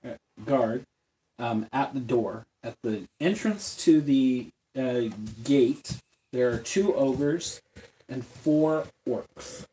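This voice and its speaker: A man running a tabletop game as game master, describing scenes with pauses, fillers and repeated words. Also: mid-range voice, mellow, low-quality recording.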